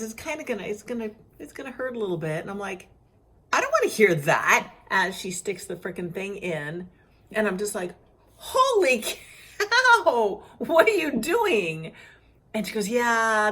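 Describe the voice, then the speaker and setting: Weary, expressive woman vlogger. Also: medium pitch. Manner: animated, acts out others' lines in quoted voices. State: worn out from crying. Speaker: vlogger sharing her cancer journey. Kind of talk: casual storytelling vlog.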